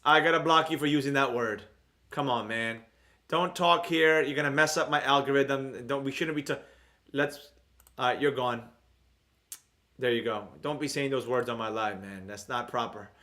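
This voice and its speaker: Bright, energetic trading streamer man. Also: medium pitch, moderate pace. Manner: rambling, energetic, talks straight to viewers. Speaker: trading educator hosting a live stream. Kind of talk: casual live-stream chat reading comments.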